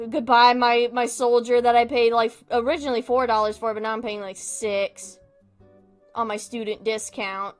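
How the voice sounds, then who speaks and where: A woman's voice: mid-range voice, a bit bright. A young woman streaming and chatting casually while she draws, giggly, scattered and self-mocking. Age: young adult.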